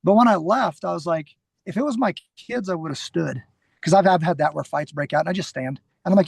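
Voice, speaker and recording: A middle-aged man, a guest on a podcast and a security trainer, telling stories in a casual, animated way, acting out quoted lines and often restarting his sentences. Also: high voice, a little fast, gravelly, slightly rough, no echo. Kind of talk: casual interview storytelling.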